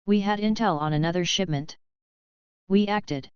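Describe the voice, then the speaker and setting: A woman's voice: mid-range voice, normal speed, clear, resonant tone, dry recording, highs cut off, lightly acted. A woman voicing a defiant teenage boy sidekick speaking firmly.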